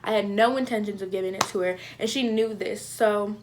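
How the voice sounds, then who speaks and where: A young woman vlogging a casual storytime, animated and full of "like", acting out what people said. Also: mid-range voice, a little fast, noisy background. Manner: animated, heavy use of "like", acts out quotes.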